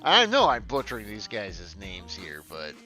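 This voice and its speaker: A male streamer in loose, casual chat, his voice bright and forward with lively swings in pitch. He laughs often, curses freely and trips over words as he reads text aloud. Faint music plays behind him. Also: normal speed.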